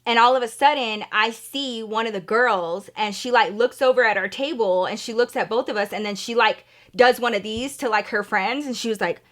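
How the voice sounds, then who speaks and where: A woman's voice: on the high side, normal speed, few pauses, a bit bright. A young woman vlogger telling a dramatic story in a sassy, profane, casual way. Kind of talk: storytime vlog.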